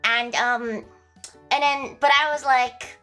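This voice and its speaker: A woman's voice: a little high, steady tone, slow pace, bright, forceful tone, faint music behind. A woman streamer telling a casual story, rambling with many restarts and laughing at her own jokes.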